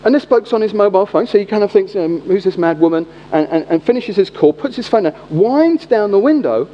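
A middle-aged man with a British accent telling a story in a sermon, animated and chatty. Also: sits high, brisk. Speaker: preacher. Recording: long reverb, dull lo-fi sound.

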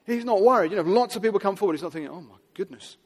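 A man preaching a sermon to a seated audience, earnest and building to loud, emphatic quotations. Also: sits high, very fast, slight background noise. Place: large hall with audience seating. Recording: long hall reverb.

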